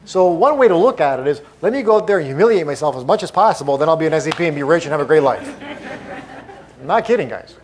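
Fast and expressive, with a darkish tone, a middle-aged man pitched a bit above the typical male range gives a live motivational talk. He's emphatic and punchy, repeating each point to drive it home as he rallies the room.

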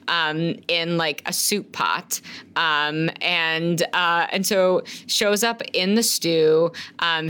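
A woman's voice: lowish voice, a bit bright, clear, resonant tone. A woman recapping a film in casual chat, rambling with lots of fillers and swearing freely. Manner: chatty, filler-heavy, swears often.

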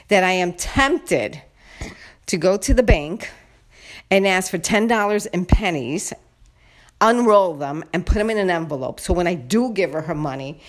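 A woman vents to her viewers in a casual vlog story, talking straight to them. She sounds indignant and worked up. Her voice sits on the low side for a woman. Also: lively intonation, normal speed. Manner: indignant, venting, talks to viewers directly. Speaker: vlogger.

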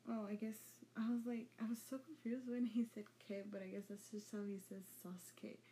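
A woman's voice: mid-range voice, flat delivery, normal speed, dark tone, slight background noise, low-quality recording. A woman hosting a podcast, reading fan fiction aloud with casual asides. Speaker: podcast host.

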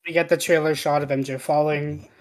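Casual film chat, relaxed, mid-pitched, stammers at starts of phrases. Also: fairly quick. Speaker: film discussion co-host.

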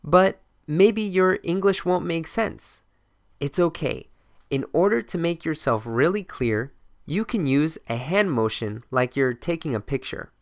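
A man teaching English phrases in a scripted podcast lesson, modeling each phrase clearly for learners to repeat. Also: fairly high pitch, animated, a little slow, no echo, clean studio sound.

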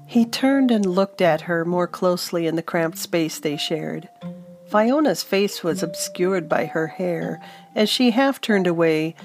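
A woman narrating a fantasy story in a calm, measured audiobook style. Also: on the low side. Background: soft instrumental music.

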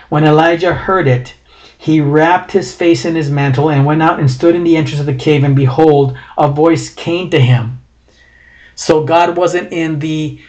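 A man's voice: fairly high pitch, a little mellow. A man preaching a sermon, reading scripture with feeling and breaking into conversational asides.

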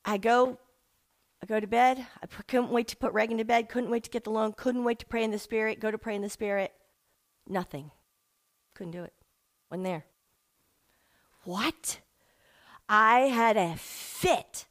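A middle-aged woman telling her personal faith testimony in an emotional, animated way, acting out the people she quotes. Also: fairly high pitch, normal speed, pauses often. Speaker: speaker sharing a personal testimony.

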